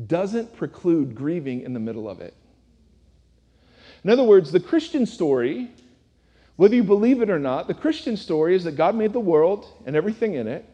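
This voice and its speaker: A man with a high yet mellow, warm voice preaches in a relaxed, conversational way. He teaches casually and keeps putting rhetorical questions to the congregation. His voice carries a long reverb from a large church hall. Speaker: pastor. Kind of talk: conversational sermon.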